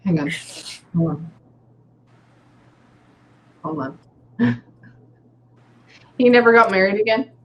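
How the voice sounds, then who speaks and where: A woman with a Texan accent, a medium in a casual reading session, chatting and relaying messages, often pausing to say "hang on". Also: mid-range voice, animated. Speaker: psychic medium. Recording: slightly dull audio with faint background noise.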